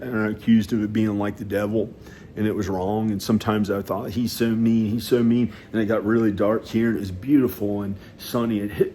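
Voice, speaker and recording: A man talking at home in a rambling personal monologue, hesitant and halting, with many restarts and fillers. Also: fairly low pitch, mellow, slight background noise. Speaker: vlogger. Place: inside his house.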